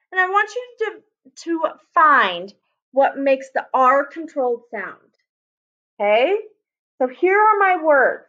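A woman teacher giving a phonics lesson to children, sounding out words slowly and repeating them. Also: sits high, expressive, a bit bright. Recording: dull lo-fi recording.

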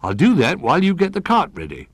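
A man voicing a calm, kindly old toy bear who reassures the others. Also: a little high, fast, voice pushed up. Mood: thoughtful.

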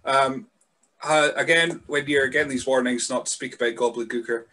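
A Scottish man hosting a podcast, chatting in a relaxed, hesitant way full of fillers. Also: mid-range voice, a little fast. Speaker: podcast host. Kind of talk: casual podcast chat.

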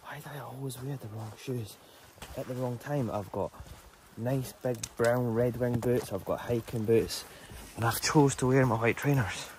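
A man's voice: mid-range voice, normal speed, a little mellow, a little hiss or hum. A man talking casually to camera on a travel vlog, chatty and self-deprecating, on a hiking trail outdoors. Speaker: vlogger.

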